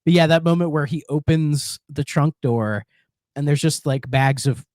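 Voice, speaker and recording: A man's voice: a little high, moderate pace, no room sound, clean studio sound. A man co-hosting a podcast, chatting casually and in a rambling way about retro games. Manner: rambling, animated, acts out game lines in silly voices. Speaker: podcast co-host.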